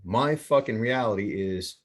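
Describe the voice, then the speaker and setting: A man hosting a podcast, telling a rambling story in casual chat with heavy swearing and lots of excitement. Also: fairly low pitch, a little slow. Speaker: podcast host. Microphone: remote call setup.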